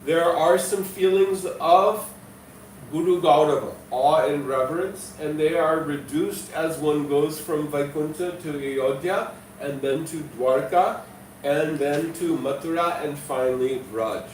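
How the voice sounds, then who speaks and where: A man giving a devotional lecture as a spiritual teacher, explaining slowly and measuredly and chanting verses. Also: a little high, a little hiss or hum. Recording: distant mic in echoey hall, faint ambience.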